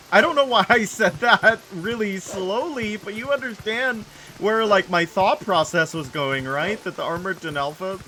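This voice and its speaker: A man's voice: a little high, pushed and bright. A man chatting casually with viewers while playing a game, rambling and correcting himself. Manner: rambling, self-correcting, reassuring chat. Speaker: game streamer. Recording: game music playing under the voice. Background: game music.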